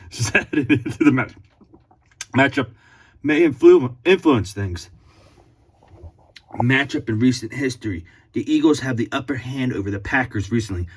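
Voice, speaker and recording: A man's voice: a little high, slightly rough. A man giving a mocking, profane sports-fan rant and laughing at himself. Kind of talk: ranting fan commentary.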